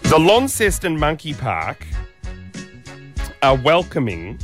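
A man's voice: fairly high pitch, huge pitch swings, takes it slowly, faint music behind. A man with an Australian accent, co-hosting a breakfast radio show in casual banter, joking and teasing with mock-seriousness.

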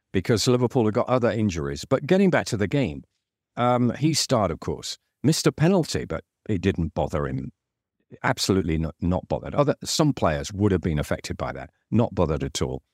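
A man's voice: lowish voice, darkish tone, no room sound. A man giving his views as a football pundit in casual studio chat, hesitant with many fillers and restarts.

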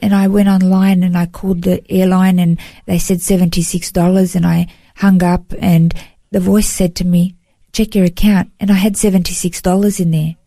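Here an Australian guest tells her heartfelt story in an earnest, emotional way, peppered with "you know." Her fairly low, warm voice shows little pitch movement and keeps a moderate pace, with no room sound.

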